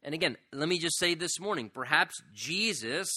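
A man's voice: lively intonation, normal speed, pushed and bright, breathy edge. A man preaching a sermon, emphatic and storytelling, acting out quoted lines. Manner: emphatic, acts out quoted lines with rising pitch. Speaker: pastor.

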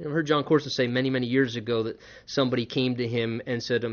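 A man, a pastor preaching a sermon in an earnest way, dropping to a hush and then rising to stress a point. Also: mid-range voice, flat delivery, fast talker. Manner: earnest, swings between hushed and emphatic. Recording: dull lo-fi recording.

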